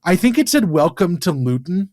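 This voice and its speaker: A man with a somewhat high voice co-hosting a casual podcast, recorded very dry and close. He reads out results plainly and reins in his co-host's tangents. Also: very animated, moderate pace, a little mellow, dry recording. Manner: dry, corrective, keeps things on track. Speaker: podcast co-host. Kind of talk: casual chat.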